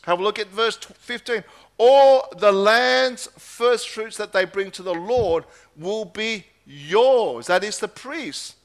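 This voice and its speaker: A man's voice: high voice, takes it slowly. A man preaching a sermon, reading scripture aloud and driving home key phrases by repeating them.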